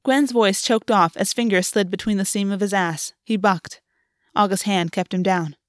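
A woman's voice: mid-range voice, steady tone, normal speed, no room sound. Woman reading a story, dry sound. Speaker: audiobook reader. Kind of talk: reading fan fiction aloud.

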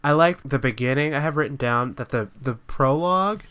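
A man co-hosting a casual podcast chat about animated films, relaxed and opinionated, often trailing off quietly. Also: mid-range voice, brisk, clear, resonant tone. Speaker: podcast co-host.

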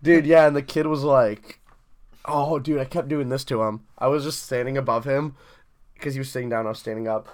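A man's voice: mid-range voice, fairly even intonation, brisk, smooth. A young man co-hosting a podcast, telling long, rambling stories in casual chat, swearing constantly and laughing often. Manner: profane, rambling storytelling with frequent laughs. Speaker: podcast co-host.

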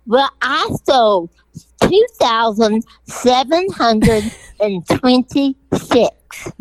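A woman voicing an earnest young male salesman who bit off half his tongue, speaking slowly and pleading. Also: fairly high pitch, animated, no room sound, low-quality recording.

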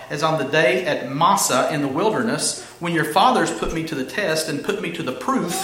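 Animated preacher in an echoey hall. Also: male voice, a little high, normal speed, hardly any pauses. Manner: animated, conversational preaching with jokes to the congregation. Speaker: pastor. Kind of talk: sermon. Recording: echoey hall with faint noise.

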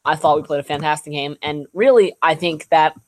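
A young man co-hosting a podcast, talking casually about sports in a relaxed, rambling way full of fillers. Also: on the high side, a little fast. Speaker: podcast co-host.

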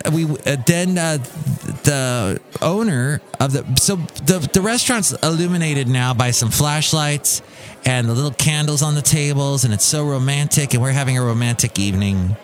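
A man's voice: on the high side, normal speed, soft background music. A man hosting a podcast, telling a long story in a casual, rambling, joking way with a sing-song delivery. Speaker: podcast host. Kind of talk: casual monologue.

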